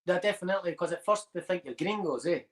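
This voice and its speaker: A man's voice: high voice, fast talker, rough recording. Chatty Scottish man telling tales. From Scotland. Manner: rambling anecdotal storytelling with Scots slang. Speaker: guest. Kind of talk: casual chat.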